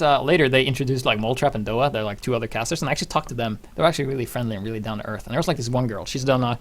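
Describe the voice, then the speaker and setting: Young male vlogger, rambling, animated, swears freely. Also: on the low side. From Norway. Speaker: channel host. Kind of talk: casual personal storytelling.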